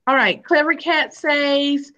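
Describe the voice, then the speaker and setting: A woman teaching a live online phonics lesson to young children over a video call, sounding out letters in a slow sing-song way. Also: high-pitched, sharp tone, highs cut off.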